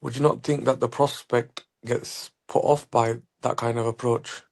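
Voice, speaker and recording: A man's voice: mid-range voice, steady tone, normal speed, vocal fry, darkish tone. A man taking part in a seminar, asking a question in a polite, hesitant way.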